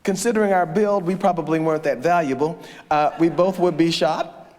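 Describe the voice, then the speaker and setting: A man's voice: fairly high pitch, brisk, a little hiss or hum. A man giving a storytelling lecture as a choral conductor, acting out the voices of people he quotes. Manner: animated storyteller who acts out quoted voices. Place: large lecture hall or church indoors. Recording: long reverb of a large hall.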